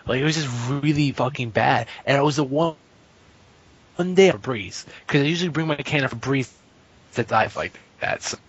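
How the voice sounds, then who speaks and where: A man telling profane stories as a podcast guest, casual and rambling, with animated impressions. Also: mid-range voice, a little fast, husky. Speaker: podcast guest, fighting game player. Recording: muffled lo-fi podcast audio.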